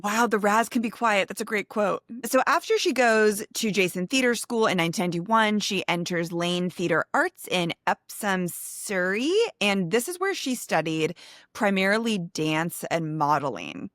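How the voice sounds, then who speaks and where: A woman's voice: mid-range voice, expressive, moderate pace, fairly bright tone, no echo. Chatty woman podcast host, bouncy voice, dry mic. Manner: bubbly, chatty, many fillers. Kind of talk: casual chat.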